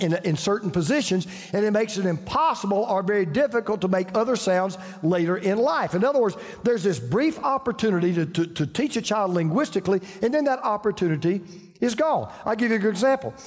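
An older man with a Southern accent delivers a sermon in a high, animated voice. He talks in a folksy, storytelling way and often restarts his sentences. His voice carries a long reverb from a big hall. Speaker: pastor.

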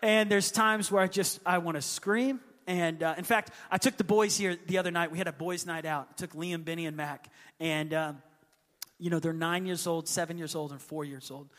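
A man in his thirties, a pastor, preaching a sermon as a lively storyteller who acts out his kids' voices. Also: fairly high pitch, moderate pace, in a large hall. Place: church hall.

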